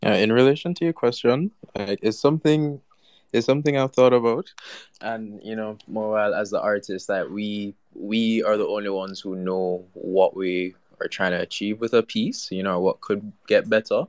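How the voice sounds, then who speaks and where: An artist, a man, sharing thoughts on his work in a reflective, measured way during a casual online chat. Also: lowish voice, fairly even intonation, a little mellow, no echo. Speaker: artist guest.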